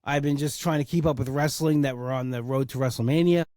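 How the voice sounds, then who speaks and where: A man's voice: medium pitch, fast, a little mellow, dry recording, clean studio sound. A young man hosting a casual solo podcast, rambling with enthusiasm and swearing for emphasis. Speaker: podcast host.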